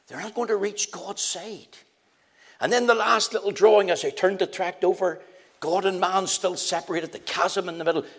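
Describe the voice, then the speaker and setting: A middle-aged man, a preacher, telling his conversion story in a sermon, acting out the dialogue and slowing down for emphasis. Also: fairly high pitch. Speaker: preacher giving testimony. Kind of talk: sermon testimony.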